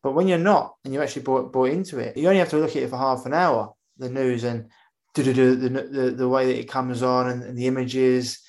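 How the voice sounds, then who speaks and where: A man hosts a casual podcast chat at a middle pitch. He rambles on in animated bursts, breaking off to act out other people's voices before he picks the thread back up. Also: fairly quick. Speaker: podcast host. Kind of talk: casual conversational interview.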